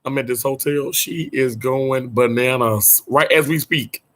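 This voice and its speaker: A man from Mississippi, a little hoarse, chatting casually and playfully with livestream viewers from a hotel room, laughing often and drawing words out. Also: mid-range voice, measured pace, fairly bright tone. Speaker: livestream host.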